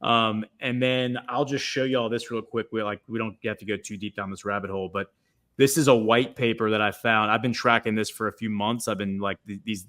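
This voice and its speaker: A man's voice: lowish voice, fairly bright tone. A man talking on a political livestream as a guest commentator, rambling with frequent restarts and fillers.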